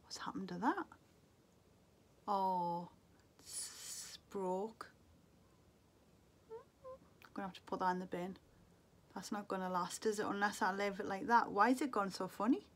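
A woman's voice: medium pitch, a little slow, pauses often. A middle-aged woman from England, chatting to camera as a beauty vlogger, muttering to herself in a wistful, casual way. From Northeast England.

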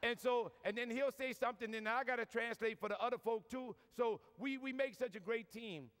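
A New Orleans priest, accent and all, delivers a humorous, folksy preaching talk to a large audience, leaning on "y'all" often. His extremely high voice runs a little fast, sounding a bit bright and clean. Long reverb from the large convention hall colors the recording.

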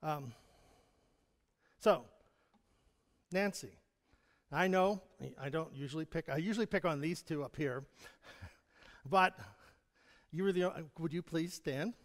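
A man's voice: a little high, slow, long pauses. A man preaching a sermon to his congregation, speaking in a conversational way, chuckling often and putting questions to the people in the pews. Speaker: pastor. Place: church sanctuary. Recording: long hall reverb.

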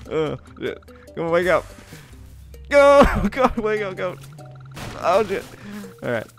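A man's voice: high-pitched, big pitch swings, slow pace, long pauses, soft background music. A man giving casual let's-play commentary at home into a desk microphone, laughing often and yelping at surprises. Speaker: gaming commentator. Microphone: desk USB microphone.

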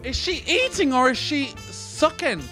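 A woman's voice: high voice, expressive, measured pace, music in the background. A woman reacting to a horror film with brash, profane, joking commentary.

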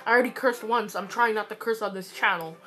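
A woman giving excitable, ranting commentary while playing a mobile game, swinging between yelling and muttering. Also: medium pitch, fast. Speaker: gaming YouTuber. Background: loud game music.

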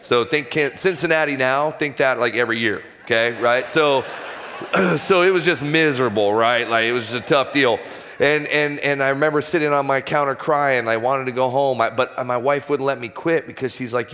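A man in his forties giving an animated personal testimony talk as a guest speaker in a large church auditorium. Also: medium pitch, brisk. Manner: conversational, animated storytelling. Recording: long hall reverb.

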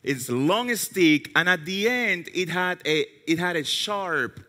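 A male pastor delivers a sermon in a high, very bright and forceful voice, full of animated, self-mocking storytelling. His pitch leaps around, and he sinks to a hushed, low tone for quoted words. The sound carries a long reverb, as in a large hall. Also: a little slow.

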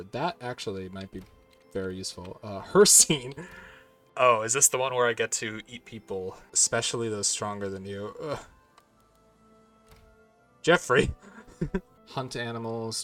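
Lower-voiced man chatting through a game. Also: normal speed, fairly bright tone, faint music behind. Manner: chatty, swears and laughs while playing. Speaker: gaming channel host. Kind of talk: casual gameplay commentary.

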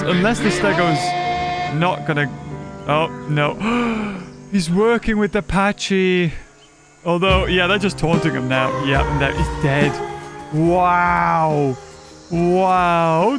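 A man giving excitable live commentary over a video game, exclaiming and laughing often. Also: high-pitched. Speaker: gaming YouTuber.

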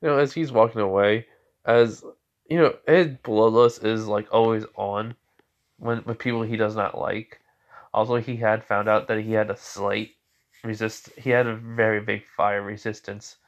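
A man's voice: lowish voice, fairly even intonation, moderate pace, lo-fi sound. A young man improvising a fan story, rambling with frequent fillers. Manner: rambling, full of "you know" and "as" fillers. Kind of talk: improvised fan-fiction narration.

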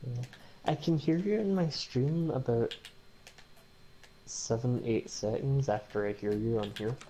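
A woman's voice: extremely low pitch, measured pace, warm tone, slight background noise, rough recording. A woman from Glasgow with a mild Scottish accent, a guest chatting on a stream with dry, joking humor. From Scotland, Glasgow. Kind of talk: casual chat.

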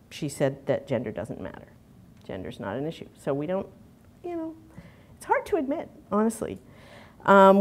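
A woman's voice: deep voice, a little mellow. A middle-aged woman, giving a candid conference talk full of fillers and restarts. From Canada. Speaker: conference speaker.

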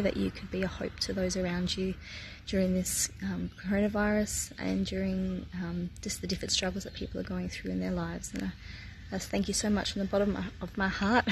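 An Australian woman sharing a hesitant, emotional testimony with her church, with many pauses and ums. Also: medium pitch, vocal fry, background noise. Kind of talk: testimony to a congregation.

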